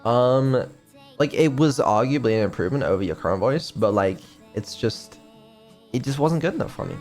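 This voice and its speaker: A man chatting casually on a stream as a developer, hesitant and filling pauses with ums, swearing now and then. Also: mid-range voice, animated, a little mellow, faint music behind.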